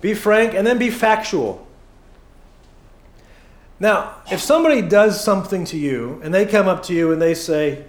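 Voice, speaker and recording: A man's voice: high voice, lively intonation, normal speed, pauses often, reverberant. A man preaching a sermon in a church, conversational and joking, with many fillers and acted asides. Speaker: pastor. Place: church sanctuary.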